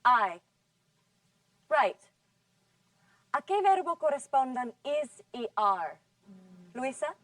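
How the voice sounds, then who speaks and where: A woman teaching a scripted class, patient, stretching out model words slowly for the students to repeat. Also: high-pitched, big pitch swings, fairly bright tone, no room sound, recorded from a distance. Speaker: English teacher.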